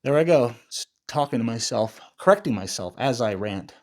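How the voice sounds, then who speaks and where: A man's voice: medium pitch, lively intonation, moderate pace. Rambling, profane male commentary host. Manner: rambling, profane, self-interrupting. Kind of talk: ranting commentary.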